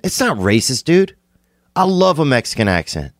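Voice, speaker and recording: A man, hosting a podcast and rambling through an absurd comic monologue, laid-back with sudden excited bursts. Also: medium pitch, a little fast, no echo, clean studio sound. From Louisiana. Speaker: podcast host.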